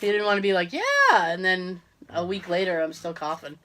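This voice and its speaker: Speaking fairly quickly in a lowish voice, this podcast co-host is coughing from illness as she tells an animated story in casual conversation. She keeps acting out quotes in different voices and laughing a lot.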